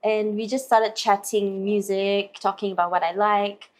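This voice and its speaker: With a medium-pitched voice at normal speed, a Malaysian singer tells stories during an interview. She animates them by acting out other people's lines in put-on voices.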